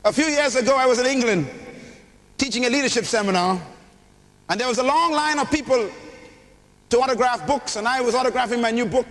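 A Bahamian man preaches in a large church hall, his voice unusually high and sharp. He tells stories and then shouts rousing calls to the congregation. Long reverb and a faint hiss hang around every word. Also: fairly quick, long pauses. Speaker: guest preacher. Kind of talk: sermon.

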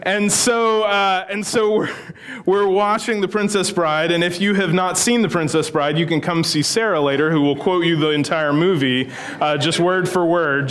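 A man's voice: high voice, a bit bright. A middle-aged male pastor preaching a sermon in a church, telling a story in a conversational, humorous way. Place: church sanctuary.

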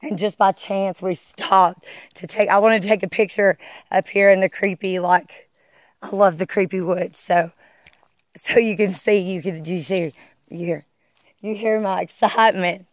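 Woman filming herself on a phone in the woods, super excited, keeps going look look, dry close sound. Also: mid-range voice, a little slow, no room sound. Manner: breathless exclamations, keeps urging viewers to look. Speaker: vlogger. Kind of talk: excited walking vlog. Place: outdoors on a wooded hillside trail. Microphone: phone held while walking.

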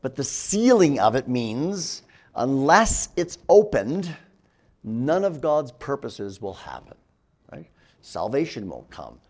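A man's voice: medium pitch, takes it slowly. A middle-aged man giving a classroom theology lecture, teaching with emphasis and often checking in with "right?". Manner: animated teaching with frequent "right?" tags.

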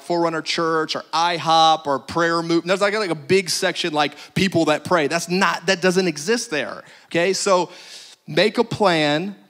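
A man's voice: a little high, fairly bright tone. A man pastor giving humorous practical announcements to a congregation, joking and exaggerating for laughs.

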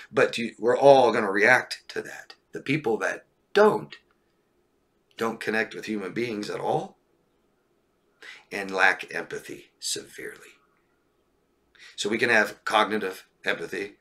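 A man's voice: fairly low pitch, measured pace, long pauses, fairly bright tone. A man coaching on relationships during a live stream, reading viewer questions and answering bluntly, often checking in with "right?" and "okay?".

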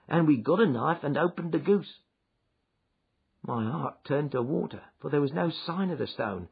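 A man's voice: fairly high pitch, creaky, breathy edge, exaggerated voice. A man voicing a frightened young male thief who pleads and breaks into sobs. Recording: dull lo-fi recording.

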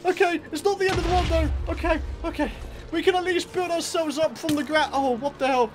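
A let's play gamer giving excitable, jokey gameplay commentary with loud outbursts. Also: very high-pitched, fairly quick, rough recording.

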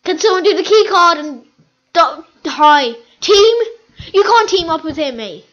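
Very high-voiced woman, slow and chatty. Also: muffled recording. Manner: excitable, chatty, repeats phrases. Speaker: gaming video host. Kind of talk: casual gameplay commentary.

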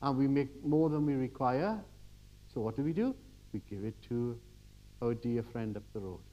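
An older man giving a church sermon, telling everyday stories and swinging from quiet asides to emphatic exhortation. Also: medium pitch, moderate pace, muffled recording. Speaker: preacher.

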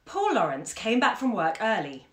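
A woman hosting a live-streamed story reading from home, chatty and expressive with fillers. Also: medium pitch, normal speed. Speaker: bookshop owner and host. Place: home during lockdown. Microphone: phone camera. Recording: echoey room.

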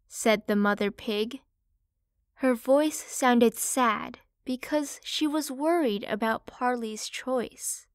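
A woman narrating a children's storybook audiobook, slow, clear and expressive. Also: fairly high pitch, no echo, studio quality.

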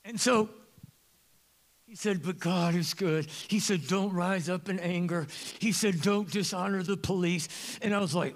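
A man preaching a sermon as pastor of a church, animated and joking, with sudden loud bursts. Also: high voice, normal speed, gravelly. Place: church sanctuary.

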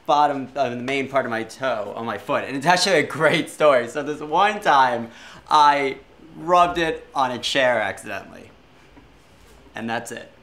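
A man's voice: medium pitch, moderate pace, fairly bright tone. A man in a comedy group telling self-mocking little stories in casual banter. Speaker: comedy show cast member.

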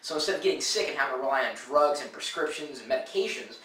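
A man's voice: medium pitch, animated, quick pace, recorded from a distance. A man with a stuffed-up, nasal voice chatting casually for a home video, rambling with lots of fillers. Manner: rambling with many filler uhs. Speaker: vlogger. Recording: bright echoey room, a bit off-mic.

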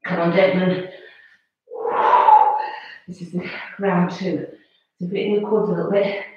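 A woman fitness instructor coaching a workout class with brisk, encouraging commands and counts. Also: on the low side, little pitch movement. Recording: very echoey, distant, dull-sounding room recording.

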